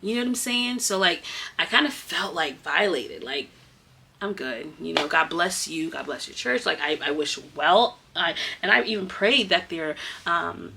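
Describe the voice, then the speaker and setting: A woman who teaches kindergarten tells a story in a casual, animated vlog and speaks straight to her viewers. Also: normal speed, vocal fry, slight background noise. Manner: animated, emotional retelling with big swings in pitch; casual, addresses viewers as y'all.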